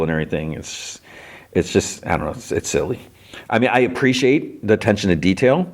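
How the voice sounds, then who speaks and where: A male podcast host walks through a TV episode in a loose, rambling style, leaning on fillers as he goes. His voice sits very low, and his delivery is relaxed and conversational. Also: brisk. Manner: rambling, filler-heavy with lots of "like". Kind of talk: casual recap of TV episodes.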